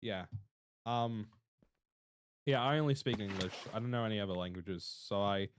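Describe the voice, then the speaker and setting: A young man with an Australian accent, chatting casually and rambling to his stream viewers, often swearing and talking fast. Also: on the low side, slight background noise. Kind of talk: casual livestream chat to viewers.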